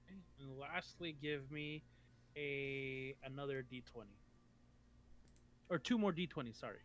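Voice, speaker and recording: A man's voice: mid-range voice, unhurried, a bit bright, slight background noise. A man narrating as game master for a tabletop game, rambling with many ums and restarts.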